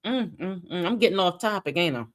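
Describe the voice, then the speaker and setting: A woman's voice: lowish voice, expressive, fairly quick. A woman hosting a casual reaction stream, talking to her chat with sassy rhetorical questions.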